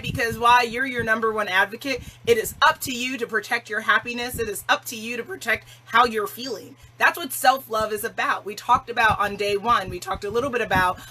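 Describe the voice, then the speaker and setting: Female livestream host, casual and emphatic, laughs often, bright forceful tone. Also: on the high side, slight background noise, rough recording. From Jamaican family. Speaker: self-love challenge host.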